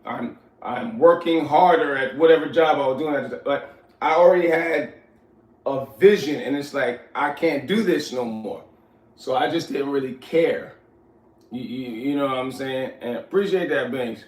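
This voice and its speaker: A man, telling stories from his youth in casual, animated talk, often asking "you know what I'm saying". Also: medium pitch, normal speed. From New York. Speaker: host. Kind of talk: casual storytelling. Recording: echoey room, far from mic.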